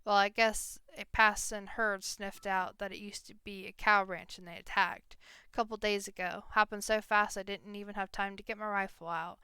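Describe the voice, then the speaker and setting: A woman voicing a tough, grieving frontier woman who talks quietly in rough folksy grammar. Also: medium pitch, steady tone, moderate pace, hardly any pauses, dry recording, clean studio sound, natural voice. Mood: bitter.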